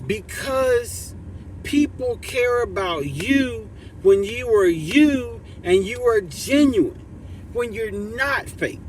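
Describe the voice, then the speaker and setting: A man hosting a motivational livestream, high-pitched and full of swings. He talks slowly with heavy emphasis, calling out to his community and reading their chat. A faint hum of noise sits behind him. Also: lively intonation. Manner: hyped, emphatic, shouts to the community, reads chat aloud; drops to soft low voice for heartfelt thanks. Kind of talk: casual livestream talk to chat.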